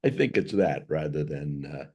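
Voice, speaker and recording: A man taking part in a study group, paraphrasing passages with lively emphasis. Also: rumbling low, moderate pace, slightly rough. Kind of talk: casual discussion.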